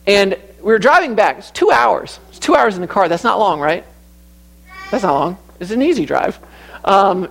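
Man, 30s, preacher, high voice, chatty sermon style, lots of restarts. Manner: conversational preaching with personal stories, many restarts.

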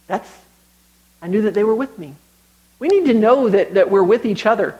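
A man's voice: high voice, lively intonation, normal speed, dark tone, dull audio. A young man preaching a sermon, telling stories conversationally and building to emphatic exhortation.

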